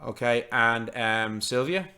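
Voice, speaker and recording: A man running a tabletop role-playing game, speaking at an ordinary middle pitch. His narration rambles, full of "kind of" and restarts as he sets each scene. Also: slow pace, sharp tone. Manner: rambling, many fillers and restarts. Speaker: game master.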